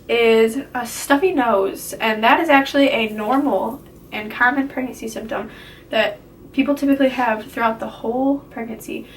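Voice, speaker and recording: A chatty young woman talks through a casual vlog update in a fairly high voice, rambling with fillers and breaking into giggles. The mic sits a little away from her, with faint noise behind. She keeps a loose, friendly tone. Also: recorded from a distance, low-quality recording. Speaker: vlogger sharing a pregnancy update. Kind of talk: casual chat.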